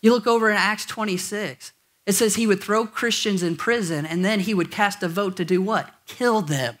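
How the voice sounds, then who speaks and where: A man with a fairly high voice preaches a sermon in a church. He talks to the congregation conversationally, mixing jokes and questions with scripture. His delivery feels informal and direct. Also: normal speed, a bit bright. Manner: conversational, jokey asides to the congregation. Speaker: pastor. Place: church auditorium.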